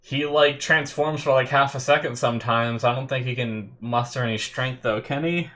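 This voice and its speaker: A man reacting aloud to an anime episode, exclaiming and thinking out loud, getting teary and emotional. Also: mid-range voice, normal speed. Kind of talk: live reaction commentary.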